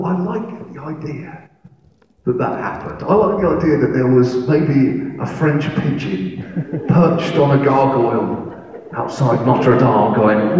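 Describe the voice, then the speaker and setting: A man's voice: mid-range voice, a little mellow, a little hiss or hum. A man doing stand-up storytelling with rambling, self-deprecating asides, on a stage in a large hall. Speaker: stand-up comedian. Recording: echoey hall, mic at a distance, audience ambience.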